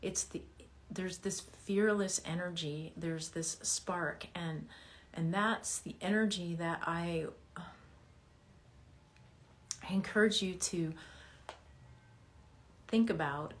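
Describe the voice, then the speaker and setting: A woman teaching a meditation lesson, speaking softly and haltingly with many fillers, then growing loud and playful as she repeats an affirmation. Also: on the low side. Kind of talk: guided meditation talk.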